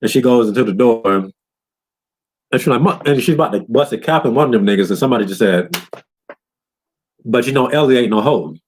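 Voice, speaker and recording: A man in a loose, profane rant recapping a video game, often breaking into higher voices to quote characters. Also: animated, brisk, long pauses, slightly rough. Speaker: gaming commentator.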